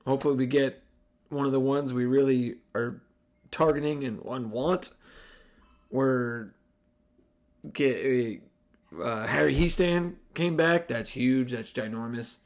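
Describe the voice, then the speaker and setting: A man hosting a casual sports podcast, talking in a sarcastic, profane and excitable way. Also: medium pitch, slow pace, long pauses. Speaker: podcast host.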